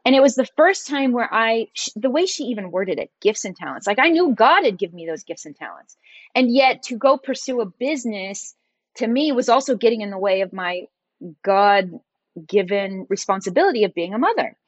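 Lively woman guest telling her story. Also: mid-range voice, moderate pace, dry recording. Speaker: podcast guest. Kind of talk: conversational storytelling.

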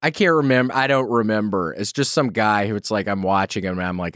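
A man's voice: lowish voice, quick pace, few pauses, fairly bright tone, no room sound, studio quality. A man hosting a podcast, chatting casually and asking joking questions. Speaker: podcast host. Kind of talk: casual chat.

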